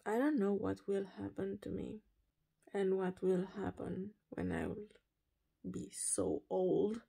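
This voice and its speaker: Slow-talking woman in her thirties. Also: mid-range voice, expressive, creaky, husky, no echo. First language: Romanian. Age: 30s. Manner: loud, emphatic and frank. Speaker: vlogger and radio presenter. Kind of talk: casual personal vlog.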